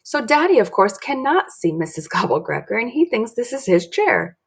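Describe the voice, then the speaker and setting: Brief: woman narrating a kids' chapter book, casual, slightly raspy, with friendly asides. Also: mid-range voice, big pitch swings, normal speed. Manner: chatty asides with soft laughs. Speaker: storybook reader. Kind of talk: reading a children's book aloud.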